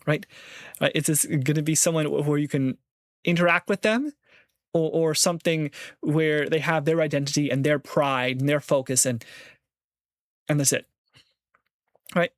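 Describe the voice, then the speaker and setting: A man's voice: fairly high pitch, fairly even intonation, normal speed, pauses often, no room sound, studio quality. A man talking in a casual monologue, rambling and thinking aloud with frequent restarts, sometimes acting out other people's voices. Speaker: vlogger.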